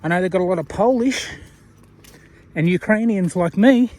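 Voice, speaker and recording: Strolling down a road outside, an Australian man rambles to his viewers in casual vlog talk, poking fun at himself. He speaks at a moderate pace in a high-sitting voice with a darkish tone.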